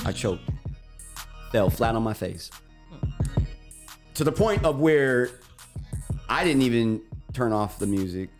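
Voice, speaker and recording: A man co-hosts a talk radio show and spins a personal story in a casual, animated way, dropping into quick impressions of the people he quotes. His voice sits at a middle pitch. Faint music plays quietly underneath.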